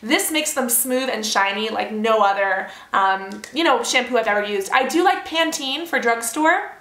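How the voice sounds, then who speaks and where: A woman's voice: fairly high pitch, animated, normal speed, fairly bright tone. A young woman in her twenties chatting casually through her hair products in a bubbly, rambling vlog style. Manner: chatty, bubbly, lots of fillers and asides. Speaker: beauty vlogger. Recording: roomy echoey home room.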